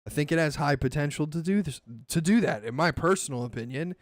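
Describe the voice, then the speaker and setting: A man's voice: fairly high pitch, animated, fast talker, dry recording, studio quality. A man co-hosting a podcast, chatting casually in a rambling, profane way and laughing often. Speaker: podcast co-host. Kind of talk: casual chat.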